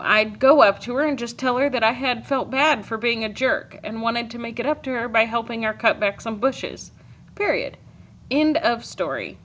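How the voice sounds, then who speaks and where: A woman teacher reading a novel aloud to her class, expressive with dry comic timing. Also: medium pitch, slight background noise.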